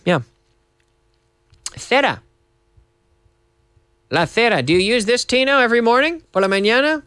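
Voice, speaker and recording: Lively Canadian-raised male English teacher. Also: very high voice, normal speed, long pauses, clear, resonant tone, dry recording, clean studio sound. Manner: lively, spells words out, mixes in Spanish. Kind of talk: bilingual TV English lesson.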